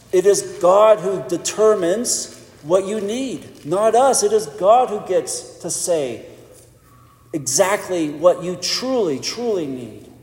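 A man preaching a sermon in a measured, emphatic way with pauses for weight. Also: sits high, darkish tone. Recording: echoey church hall.

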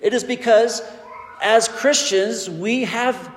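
A man delivers a sermon in a measured, emphatic way, drawing out the key words. His voice sits high for a man, and it rings through a large hall with a long, roomy reverb. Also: animated, a little mellow, faint music behind. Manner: emphatic, measured preaching with slow stressed phrases. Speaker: preacher.

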